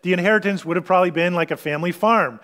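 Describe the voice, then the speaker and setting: A man with a notably high speaking voice delivers a sermon as a pastor. He explains scripture earnestly, working through it step by step with pauses and small restarts. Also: fairly bright tone.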